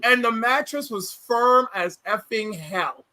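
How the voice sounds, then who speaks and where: A livestream host, a man with a high, bright voice, tells stories in a casual chat, speaking slowly. He's animated, acts out quotes, and restarts often, and the recording is dry but low in quality.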